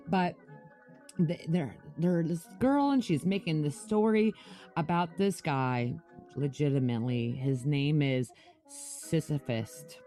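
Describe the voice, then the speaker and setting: A woman's voice: low voice, mellow. A woman co-hosting a casual podcast, talking loosely with a slight lisp, swearing and laughing often. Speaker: podcast co-host. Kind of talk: casual chat.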